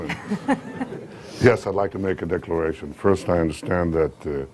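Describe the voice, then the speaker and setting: A man with a sore throat, giving measured public remarks at an event, pausing often with fillers. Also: sits low, steady tone, a little mellow, slight background noise. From Israel. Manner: measured, hesitant with many fillers. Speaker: guest speaker.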